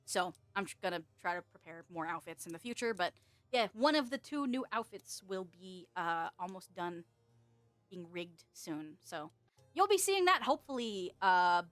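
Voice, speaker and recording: A woman's voice: lowish voice, expressive, moderate pace, fairly bright tone, no room sound, soft background music. A young woman chatting casually on a live stream, rambling, giggling often and swearing offhand.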